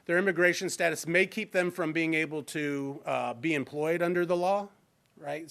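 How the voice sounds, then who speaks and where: A man's voice: a little high, a bit bright. Chatty man leading a training workshop. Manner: chatty, conversational, informal. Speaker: fair housing trainer. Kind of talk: workshop lecture. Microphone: handheld microphone.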